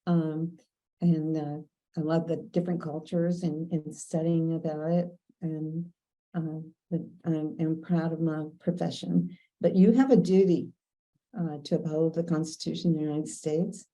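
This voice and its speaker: A woman's voice: deep voice, fairly even intonation, measured pace, mellow, rough recording. An older woman lawyer from Kentucky telling courtroom stories in a chatty way, laughing often and using many fillers. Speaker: veteran lawyer. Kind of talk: storytelling interview.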